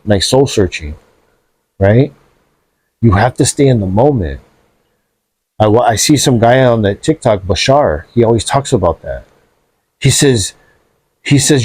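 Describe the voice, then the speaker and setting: A man chatting casually on a podcast, animated and profane, dropping bro and dude often. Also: fairly low pitch, a little slow, pauses often, slightly rough, dry recording.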